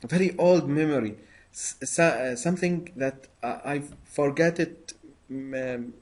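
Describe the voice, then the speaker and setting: Male interviewer, very slow and halting, lots of "uh". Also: medium pitch. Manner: halting, many pauses and fillers. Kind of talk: conversational interview.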